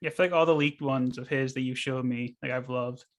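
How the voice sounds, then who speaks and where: A man's voice: medium pitch, fairly even intonation, brisk. A man co-hosting a podcast in casual chat, leaning on filler words. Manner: filler-heavy, uses "like" a lot. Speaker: podcast co-host.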